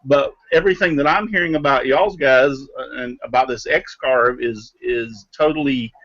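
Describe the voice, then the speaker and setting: A man's voice: medium pitch, normal speed, fairly bright tone, muffled recording. A man, co-hosting a live online hangout, explaining things with comparisons between hesitant fillers. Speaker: co-host.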